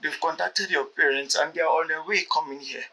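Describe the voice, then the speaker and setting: Distressed young guy, urgent, sharp bright voice. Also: on the high side, fairly even intonation, fairly quick, vocal fry, distant mic, full character voice. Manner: agitated, urgent. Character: young male friend, distressed and pleading.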